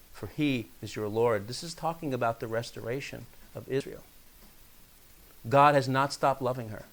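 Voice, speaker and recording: A man teaching a radio Bible study, reading scripture with building emphasis and dropping low for asides. He comes across as earnest and is openly riled up. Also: smooth. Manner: reads verses with rising emphasis, then drops to a low aside to explain.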